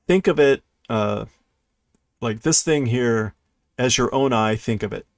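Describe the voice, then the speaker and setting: Male streamer, unhurried gravelly delivery, dry close sound, thinking aloud with self-corrections. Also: medium pitch, no room sound. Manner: laughs lightly at himself. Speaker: streamer reading a manga aloud. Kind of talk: live-stream read-through, translating as he goes. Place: indoors at his computer.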